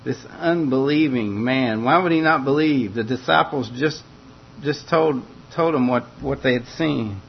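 A man with a gravelly, creaky voice preaches a sermon in an earnest way and often repeats his words for emphasis. He talks at an unhurried pace. The recording is muffled and lo-fi, with a faint rumble behind it. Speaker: pastor.

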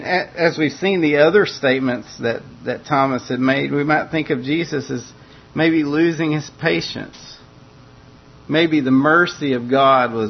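A man preaching a sermon, earnest and repeating phrases for emphasis. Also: husky. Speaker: pastor. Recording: muffled lo-fi recording with faint rumble.

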